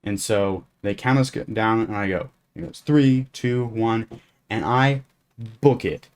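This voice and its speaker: Rambling teenage guy with a low voice. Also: normal speed. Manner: rambling, full of fillers and restarts. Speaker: gaming YouTuber. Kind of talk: storytime narration over gameplay.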